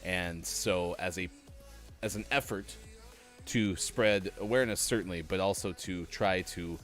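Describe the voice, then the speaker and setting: A man's voice: low-pitched, measured pace, a bit bright, faint music behind. A man hosting a live gaming morning show in loose, chatty talk, laughing often. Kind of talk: casual live-stream chat.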